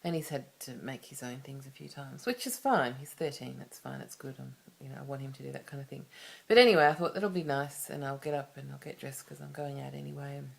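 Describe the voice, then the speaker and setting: Low-voiced Australian woman, rambling and candid. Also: a little fast, creaky, hardly any pauses. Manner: rambling, candid, many restarts and asides. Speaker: vlogger. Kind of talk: confessional personal vlog.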